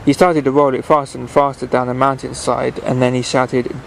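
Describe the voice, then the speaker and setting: A man reading a bedtime story aloud at an unhurried, halting pace, often restarting his phrases. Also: medium pitch, flat delivery, gravelly, slight background noise, poor audio.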